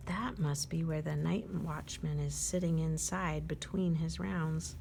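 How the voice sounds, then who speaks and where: A woman at a library storytime, reading a picture book aloud to children, gently asking them questions and dropping to a whisper at quiet moments. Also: deep voice, gravelly, slight background noise. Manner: slow and gentle, pausing to ask young listeners questions.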